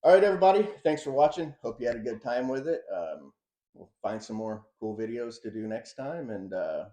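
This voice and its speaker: A man co-hosting a reaction video, chatting casually, animated and boastful, rambling with fillers. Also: fairly low pitch, normal speed, echoey room. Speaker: co-host of a reaction channel.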